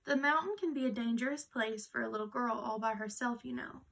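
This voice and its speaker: A slow, gentle talking snake, as a woman puts him on; high, gravelly voice. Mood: concerned. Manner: slow, gentle, kindly warning. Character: friendly talking male garden snake.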